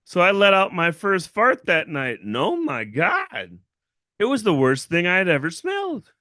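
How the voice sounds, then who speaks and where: A man hosting a casual livestream, telling a story in a blunt, profane, animated way and acting out other people's voices. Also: high-pitched, moderate pace, no room sound, studio quality. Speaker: channel owner and host.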